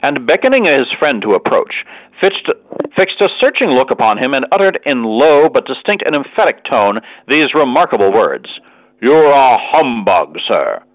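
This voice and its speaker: A man narrating a classic story in an expressive reading style, doing animated character voices. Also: mid-range voice, normal speed, no echo. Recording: tinny dry radio broadcast.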